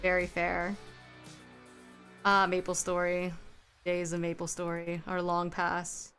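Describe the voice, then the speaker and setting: A woman's voice: lowish voice, completely flat delivery, slow, a bit bright, clear, resonant tone. Chatty woman streamer, faint music behind. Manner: chatty, answering chat aloud, laughs often. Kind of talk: casual chat with viewers while drawing.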